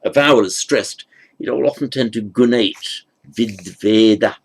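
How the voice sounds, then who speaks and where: A man's voice: lowish voice, a little slow, slightly rough. A man giving a grammar lecture, thinking aloud with fillers and self-corrections. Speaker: teacher.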